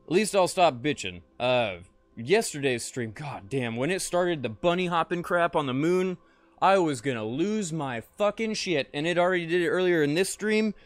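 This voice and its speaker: A man's voice: fairly high pitch, lively intonation, normal speed, dry recording, faint music behind. A young man streaming a space game, talking to chat and muttering in frustration, swearing often. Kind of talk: casual live-stream commentary.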